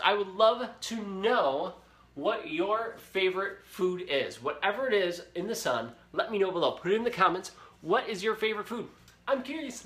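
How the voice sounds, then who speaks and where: In a high-pitched, slightly bright voice, a young man chats upbeat and directly to viewers while hosting a casual live cooking demonstration at home. The kitchen sounds echoey, with faint sizzling.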